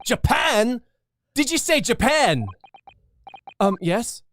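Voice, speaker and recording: Polite young defense lawyer, read by a male streamer, raised pitch, eager and a bit flustered. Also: fairly quick, a little hiss or hum, natural voice. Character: polite young male Japanese law student.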